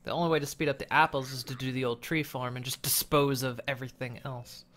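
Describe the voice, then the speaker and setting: A man's voice: medium pitch, steady tone, fast, a bit bright. A man streaming a video game, chatting casually and thinking aloud with hesitant restarts. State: hiccuping. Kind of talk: casual gameplay chat.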